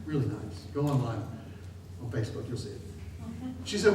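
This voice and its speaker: A man's voice: medium pitch, very animated, fairly quick, pauses often. Joking man in an echoey hall. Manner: jokey and chatty, often laughing. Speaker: guest speaker at a live seminar. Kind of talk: casual seminar talk to a live audience. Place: large room with an audience. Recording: distant, echoey hall with noise.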